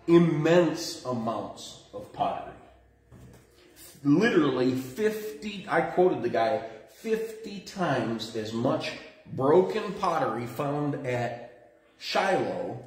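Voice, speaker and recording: A man giving a sermon as pastor, telling a story in an animated way with lively swings in his voice. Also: on the high side. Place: church room. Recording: roomy echo with faint noise.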